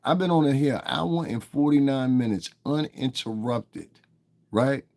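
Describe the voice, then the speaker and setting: A man's voice: medium pitch, unhurried, warm tone. A man hosting a livestream, talking straight to his chat in a profane, confrontational rant. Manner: profane and confrontational, heated tirade at viewers. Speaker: livestream host. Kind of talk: live-stream commentary, talking to chat.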